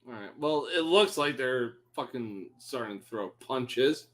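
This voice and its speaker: A man's voice: medium pitch, animated, unhurried. Profane, exasperated fight-stream commentator, man. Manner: exasperated, swearing, yelling at the fighters.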